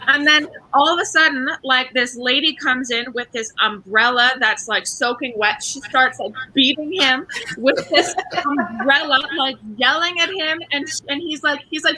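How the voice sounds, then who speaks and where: A woman with a very bright, slightly high voice tells a casino story with plenty of "like" and "um". She speaks casually and chattily. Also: moderate pace, few pauses, slight background noise, rough recording. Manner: chatty, many "like" and "um" fillers. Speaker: casino dealer, podcast co-host.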